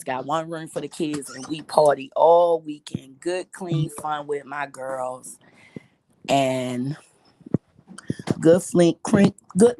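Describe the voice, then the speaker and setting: A woman's voice: low-pitched, noisy background. A middle-aged woman vlogging a candid story, with profane, emphatic and preachy talk.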